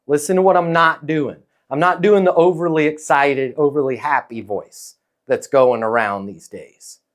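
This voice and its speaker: A man giving casual training talk as a leasing sales trainer, speaking in a calm, neutral, non-pushy tone and coaching with frequent "okay?" and "right?" check-ins. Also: fairly high pitch, moderate pace.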